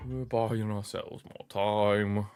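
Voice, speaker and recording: A man's voice: fairly low pitch, little pitch movement, slow pace, darkish tone, clean tone. A young man hosting a football watchalong stream, anxious and pleading as he comments on the match live.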